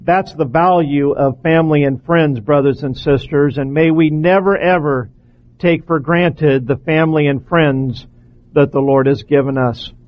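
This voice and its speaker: A man's voice: on the high side, steady tone, measured pace, dull audio. A man preaching a sermon, earnestly pleading and exhorting with emphatic repetitions.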